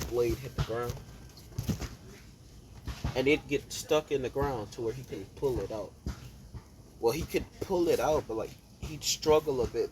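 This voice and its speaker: A man's voice: mid-range voice, background noise. A young man casually making up a fan-fiction story as he goes, with fillers and restarts. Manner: meandering, with fillers and self-corrections. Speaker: storyteller narrating a fan scenario.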